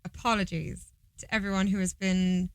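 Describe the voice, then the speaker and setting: A woman co-hosting a podcast in casual chat, playful and quick to laugh. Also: on the low side, flat delivery, no echo, rough recording. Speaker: podcast co-host.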